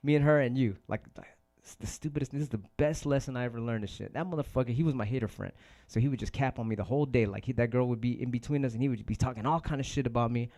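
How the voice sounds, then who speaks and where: A man's voice: mid-range voice, fast, dark tone. A man hosting a casual livestream chat, rambling and swearing a lot, often repeating his phrases. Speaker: DJ and host.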